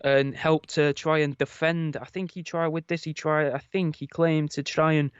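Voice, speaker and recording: A man co-hosting a podcast, telling stories in a rambling, deadpan, casual way. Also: on the high side, normal speed, smooth, dry recording, dull audio. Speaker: podcast co-host. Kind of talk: casual comedic chat.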